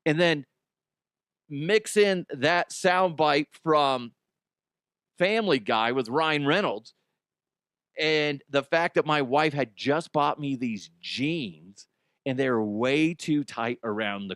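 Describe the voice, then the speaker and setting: A man's voice: on the high side, animated, slow pace, fairly bright tone, no room sound, clean studio sound. A man hosting a comedic news podcast, rambling casually, swearing and mocking himself. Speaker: podcast host.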